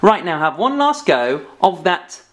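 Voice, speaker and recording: A man's voice: high-pitched, very animated, measured pace, a bit bright. A man presenting a children's phonics lesson, scolding a puppet playfully with a sing-song delivery.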